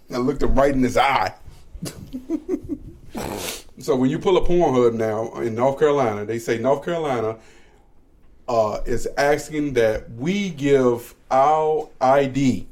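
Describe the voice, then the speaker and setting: A man's voice: mid-range voice, slow, long pauses, a little mellow. A man co-hosting a casual podcast with his wife, joking and teasing in loose everyday talk. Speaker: podcast co-host. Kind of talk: casual chat.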